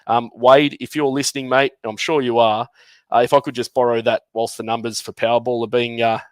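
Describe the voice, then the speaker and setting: A man's voice: mid-range voice, level tone, a little fast, no room sound. A man on a sports podcast panel, reading out social posts with wry jokes. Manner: wry, jokey. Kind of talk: casual sports chat.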